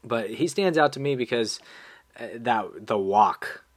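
A man's voice: medium pitch, a little slow, no room sound. A man hosting a podcast in a studio, talking casually and laughing easily. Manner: relaxed, laughs easily, uses fillers. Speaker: podcast host. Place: small studio.

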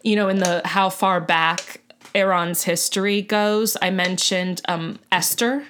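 A woman's voice: fairly low pitch, fairly even intonation, measured pace, fairly bright tone, slight background noise. A woman co-hosting a podcast in casual chat, talking loosely with frequent laughs and filler words. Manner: chatty, laughs often, many ums. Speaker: podcast co-host.

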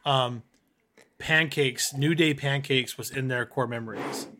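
Man, podcast co-host, friendly, chatty, restarts sentences, middle pitch. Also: measured pace, pushed and bright, a little hiss or hum. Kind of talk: casual chat.

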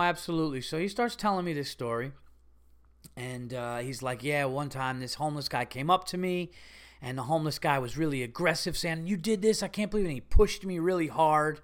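A man with a slightly high voice tells a story on his podcast, full of fillers and restarts. He drifts into a rambling monologue and climbs into loud, animated exasperation. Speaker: podcast host and comedian.

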